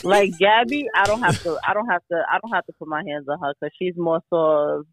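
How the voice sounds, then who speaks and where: A woman joins a casual podcast conversation as a guest. She talks bluntly and says what she thinks without softening it. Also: lowish voice, a little fast, dry recording, rough recording. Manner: blunt, outspoken. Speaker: guest, host's younger sister.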